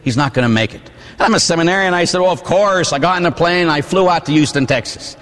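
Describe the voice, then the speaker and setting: Male priest, forties, from Pittsburgh; animated sermon storyteller, fairly high pitch, long church reverb. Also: quick pace. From Pittsburgh, USA. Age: 40s. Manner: animated storytelling with rhetorical asides.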